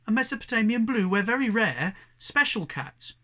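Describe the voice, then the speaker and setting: A man's voice: high-pitched, sing-song, moderate pace, pushed and bright, voice pushed up, heavily acted. A man voicing an earnest, anxious young male pet cat who talks eagerly and a bit flustered. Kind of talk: audiobook character reading.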